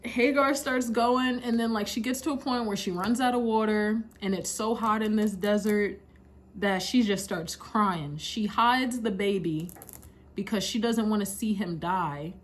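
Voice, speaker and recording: A woman's voice: medium pitch, a little slow. A young woman casually retelling a Bible story in a slangy, chatty way, laughing often. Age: young adult. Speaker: Bible study vlogger. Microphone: camera mic.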